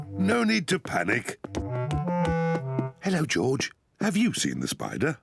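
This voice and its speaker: A man's voice: a little high, huge pitch swings, slow pace, creaky, exaggerated voice. A man voicing a cheerful, fatherly grown-up pig in a children's cartoon, who chuckles often and reassures the children. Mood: reassuring. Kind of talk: cartoon voice acting. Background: cartoon music.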